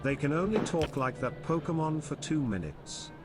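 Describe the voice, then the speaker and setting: A man reading out stream alerts in a flat, even way. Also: a little high, normal speed, music in the background. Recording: noisy mic.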